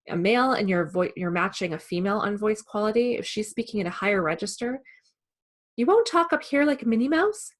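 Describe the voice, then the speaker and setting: A woman who trains salespeople, giving a calm, measured instructional talk. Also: fairly low pitch. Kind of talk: instructional presentation.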